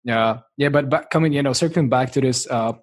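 Husky-voiced podcast host, rambling. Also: male voice, mid-range voice, brisk. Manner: casual, rambling questions. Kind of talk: podcast interview.

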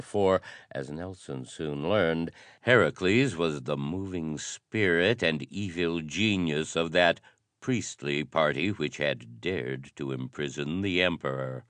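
A man narrating a pulp adventure story in a measured, dramatic reading style. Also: extremely low pitch, a bit bright, no echo, studio quality. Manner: measured, dramatic reading of old-fashioned prose. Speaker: audiobook narrator. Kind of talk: scripted narration.

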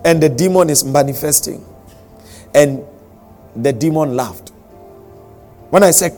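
A man preaches a sermon, pressing his points and repeating them for weight. His voice sits a little high for a man. Faint music runs beneath his words. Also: unhurried, pauses often, mellow. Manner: emphatic, repeats key lines, acts out quotes. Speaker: pastor.

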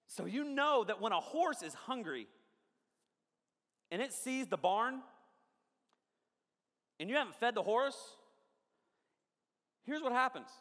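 A man preaches a sermon with a high, bright voice. He tells stories, jokes and keeps asking his listeners for nods. The sound rings with the long reverb of a big church hall. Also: slow, long pauses. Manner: animated, jokey, asks the crowd often. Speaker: pastor. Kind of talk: sermon with storytelling.

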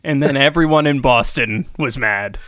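A man's voice: medium pitch, moderate pace, fairly bright tone, dry recording, studio quality. A man co-hosting a podcast in casual chat, often stammering and restarting his sentences. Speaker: podcast co-host.

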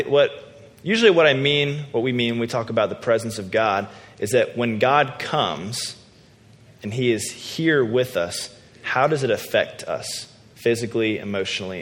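A man preaching a sermon in a relaxed, conversational, self-deprecating storytelling way. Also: mid-range voice. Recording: long hall reverb.

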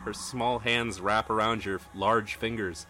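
A man's voice: lowish voice, fairly even intonation, a little slow, sharp tone. A man narrating a tabletop role-playing game as game master, telling the story in dramatic second person.

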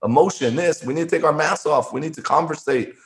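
A man's voice: on the high side, quick pace. A man, a former poker player, talking as an interview guest, earnest and given to repeating words and restarting. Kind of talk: conversational interview storytelling.

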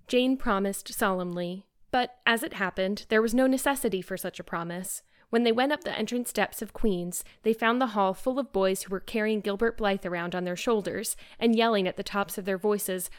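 A woman giving a measured, expressive scripted narration of a classic novel. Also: medium pitch, smooth.

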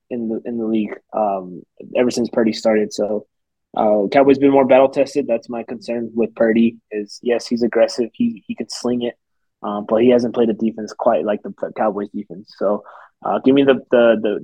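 A man's voice: medium pitch, little pitch movement, moderate pace, dark tone, slightly rough, dry recording, low-quality recording. A man co-hosting a sports podcast, giving confident betting picks in a laid-back, casual way. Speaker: podcast co-host.

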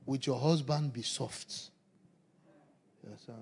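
Man, sermon, gravelly, laughs often, repeats lines. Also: mid-range voice, measured pace, slight background noise. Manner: animated, laughing, repeats phrases. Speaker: preacher.

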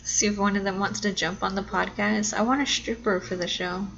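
A woman's voice: medium pitch, steady tone, fairly quick, gravelly, a loud crowd. A woman co-hosting a podcast in casual chat, giggly and chatty. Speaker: podcast co-host. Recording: dull, muffled sound.

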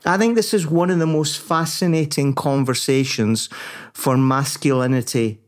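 A man's voice: mid-range voice, normal speed. A man co-hosting a casual talk show, chatty and rambling, full of fillers and restarts. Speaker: podcast co-host. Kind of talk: casual chat.

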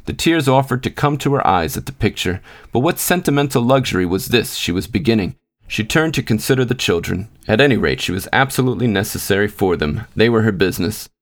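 A man reading a short story aloud in measured, scripted narration as podcast host. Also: fairly low pitch, animated.

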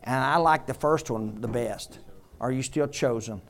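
A man's voice: medium pitch, a little slow. Man preaching to his congregation. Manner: conversational preaching, asks the congregation questions; drops to a soft hush on tender points. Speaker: pastor. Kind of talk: sermon.

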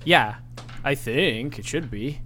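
A man playing a tabletop role-playing game, chatting casually and asking animated rules questions. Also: medium pitch, slight background noise. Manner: animated, quick questions and laughs.

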